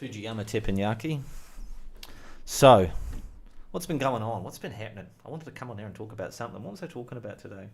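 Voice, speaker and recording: A man talks alone on a stream, drifting from one topic to the next with plenty of fillers. His jokes are crude and his asides frequent. His voice sits at an ordinary middle pitch for a man. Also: lively intonation, fast, vocal fry, breathy edge. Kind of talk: rambling solo monologue.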